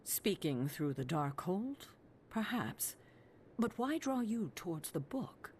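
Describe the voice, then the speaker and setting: An actress playing a wise older mentor, speaking thoughtfully and with care for the hero. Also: female voice, lowish voice, sing-song, takes it slowly, slight background noise. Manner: warm-hearted, thoughtful.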